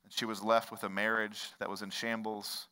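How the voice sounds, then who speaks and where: A man preaching a sermon as pastor, moving from hushed storytelling to impassioned, rising preaching with repetitive rhetorical cadence. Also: lowish voice, level tone, moderate pace, smooth. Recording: long hall reverb.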